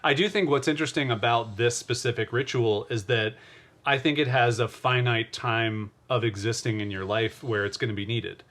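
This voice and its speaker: A man's voice: medium pitch, steady tone, normal speed, a bit bright. A man co-hosting a podcast, chatting casually and playfully while steering the talk to the next topic. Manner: easygoing, playful, steers the conversation. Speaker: podcast co-host. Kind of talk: casual conversational chat.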